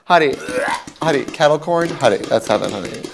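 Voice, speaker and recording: A man's voice: a little high, animated, fairly quick, gravelly, heavy background noise. A man playing a flamboyant aging gay man in improvised comedy, drawling "honey" after every phrase in a theatrical way. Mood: campy. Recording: music playing loudly behind.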